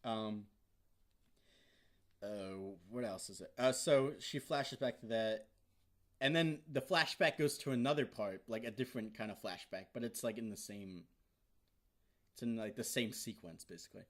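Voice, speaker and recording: A young man excitedly recapping a cartoon episode in a rambling, casual way, swearing often and now and then bursting into loud shouts. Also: fairly low pitch, normal speed, long pauses. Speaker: vlogger.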